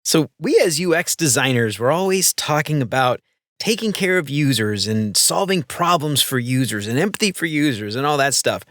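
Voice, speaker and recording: A man's voice: a little high, animated, moderate pace, fairly bright tone, dry recording, studio quality. A man hosting a casual podcast interview, talking enthusiastically and gushing about his guest. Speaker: podcast host.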